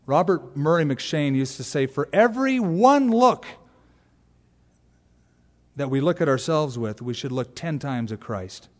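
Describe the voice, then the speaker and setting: A man preaching an expository sermon as pastor, animated and acting out little voices. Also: fairly high pitch, a little slow, in a large hall. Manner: animated, acts out voices and exaggerated asides. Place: large church sanctuary.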